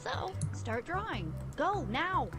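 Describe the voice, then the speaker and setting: A woman's voice: high-pitched, very animated, takes it slowly, exaggerated voice. A woman voicing a chipper game show host announcer who explains the rules in an upbeat, instructive way. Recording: game audio with music underneath. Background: game music.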